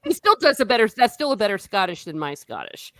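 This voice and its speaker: A woman's voice: mid-range voice, very animated, fast talker, bright, forceful tone, dry recording. A woman hosting a casual book discussion, rambling with frequent fillers and laughing often. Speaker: host of a book discussion show. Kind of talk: casual chat.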